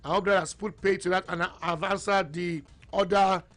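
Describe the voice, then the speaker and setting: A man hosting live sports talk radio, taking callers and reading listener comments aloud in a brisk manner. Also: high-pitched, fairly even intonation, a bit bright.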